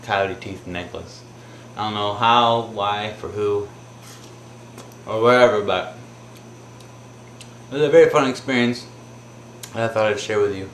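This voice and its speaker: A man's voice: on the low side, measured pace, long pauses, slight background noise. Rambling man telling a story in an echoey room. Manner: rambling, loose, with filler words. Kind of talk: casual anecdote telling.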